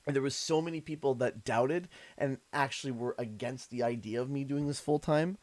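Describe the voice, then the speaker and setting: A man's voice: mid-range voice, brisk, darkish tone, dry recording. A man from Canada chatting on a live stream, emotional and effusive, often stammering and repeating himself. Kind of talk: casual live-stream chat.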